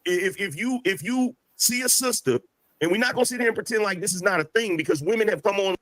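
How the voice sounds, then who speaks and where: A man's voice: sits high, fairly bright tone, dry recording, low-quality recording. A man arguing in a heated podcast debate, stammering through restarts. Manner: stammering, argumentative, halting restarts.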